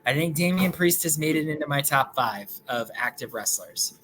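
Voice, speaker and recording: A man's voice: fairly high pitch, expressive, moderate pace, a bit bright, slight background noise, low-quality recording. A man co-hosting a casual podcast, joking in a mock-solemn way. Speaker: podcast co-host.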